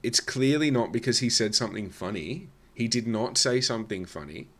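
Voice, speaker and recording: A man's voice: medium pitch, expressive, a little fast. An Australian man hosting a reaction video with blunt, scornful, sarcastic commentary.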